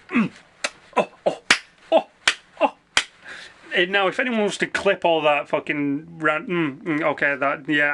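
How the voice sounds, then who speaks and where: A man's voice: on the high side, bright, forceful tone, slight background noise. A man streaming a game, ranting in a sarcastic, sweary, rambling way. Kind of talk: casual rant while gaming.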